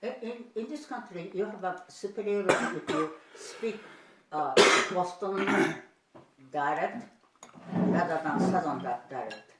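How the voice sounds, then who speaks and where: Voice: medium pitch, animated, measured pace, far from the mic, heavy background noise. A Japanese-native speaker at a breakfast table, asking questions hesitantly and repeating words. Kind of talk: casual breakfast table chat. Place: home kitchen at a holiday breakfast. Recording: echoey room, off mic, clattering dishes.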